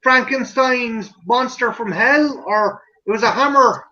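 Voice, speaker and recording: High, bright-voiced male stream host. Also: a little slow, lo-fi sound. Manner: rambling, swearing, laughing often. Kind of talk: casual chat on a livestream.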